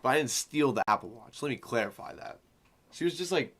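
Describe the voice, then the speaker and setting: A man's voice: medium pitch, expressive, fast talker, a bit bright. A young man co-hosting a podcast, telling rambling stories in casual chat, swearing freely and laughing as he talks. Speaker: podcast co-host.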